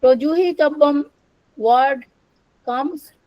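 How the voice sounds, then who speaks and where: Slow, deliberate older woman lecturer. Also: high voice, dry recording, muffled recording. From India. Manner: slow, deliberate, repeats words while explaining. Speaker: lecturer on Sanskrit and Prakrit. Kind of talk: academic lecture.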